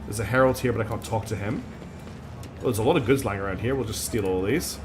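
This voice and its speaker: A man's voice: on the low side, fast, noisy background. Chatty, rambling male game streamer. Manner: chatty, rambling and self-deprecating. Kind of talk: casual gaming commentary.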